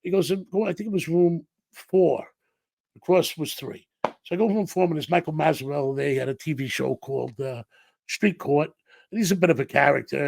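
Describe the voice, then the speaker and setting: Gravelly middle-aged man telling a story. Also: mid-range voice, dry recording. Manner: animated storyteller, acts out quoted dialogue. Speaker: guest. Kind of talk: storytelling in a podcast interview.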